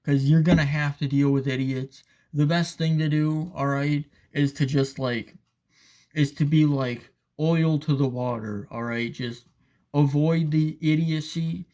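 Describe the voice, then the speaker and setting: A man's voice: on the high side, fairly even intonation, measured pace, warm tone. A man giving a casual, profane, sarcastic rant as commentator, often asking "all right?".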